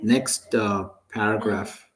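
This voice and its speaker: A man's voice: fairly low pitch, fairly even intonation, takes it slowly, rough recording. A man teaching a scripture class, asking students questions and often checking in with "right?".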